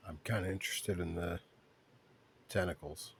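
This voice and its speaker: A man's voice: deep voice, steady tone, moderate pace, creaky, a little hiss or hum. A man playing in a tabletop game, hesitant and stammering in casual chat. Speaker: tabletop player. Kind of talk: casual in-character play chat.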